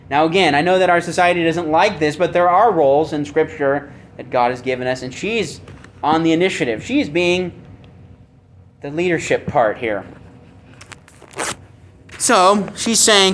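A man preaching a sermon with emphasis, asking rhetorical questions and swinging between loud and soft. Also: on the high side, measured pace, pauses often, slight background noise. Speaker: pastor.

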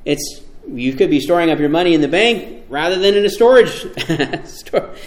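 Male preacher, slightly high voice, animated and emphatic, sermon delivery. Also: fast, reverberant. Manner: animated, emphatic, with rhetorical questions.

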